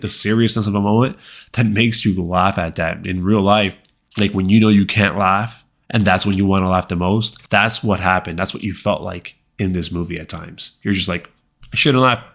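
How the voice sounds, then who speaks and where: Casual male film reviewer, very low voice, chatty and loose, lots of "like"s and restarts. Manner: conversational, many fillers and repeated words; acts out quoted lines. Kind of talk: casual movie review vlog.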